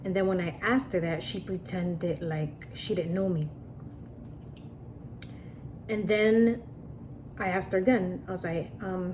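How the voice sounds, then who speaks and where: A woman's voice: fairly low pitch, steady tone, unhurried, long pauses, background noise. A woman telling a personal story in a casual, earnest way, often repeating herself and restarting sentences. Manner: repetitive, earnest, frequent restarts and "like".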